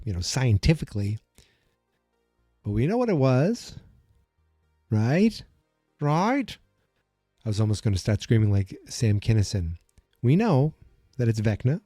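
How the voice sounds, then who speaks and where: A man hosting a solo fan podcast, speculating in an excitable, rambling way. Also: lowish voice, slightly rough, no echo, clean studio sound. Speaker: podcast host. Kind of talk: casual solo podcast commentary.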